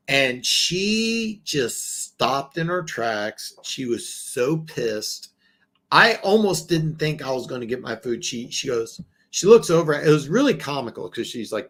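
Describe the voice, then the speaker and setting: Rambling man hosting football talk. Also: mid-range voice. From American South. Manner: rambling, frequent restarts and repeated words. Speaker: host. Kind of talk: casual football talk show.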